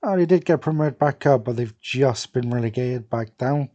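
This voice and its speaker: A young man casually commenting on a football management game, thinking aloud with many fillers and pauses. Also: mid-range voice, warm tone, dull audio. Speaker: gaming video creator.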